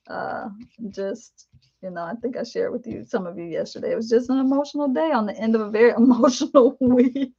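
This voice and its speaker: A woman in her fifties chatting casually on a live stream, candid and rambling, with lots of fillers, laughs and animated quoted asides. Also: a little high, brisk, vocal fry, lo-fi sound. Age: 50s. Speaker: vlogger. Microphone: live-stream camera mic.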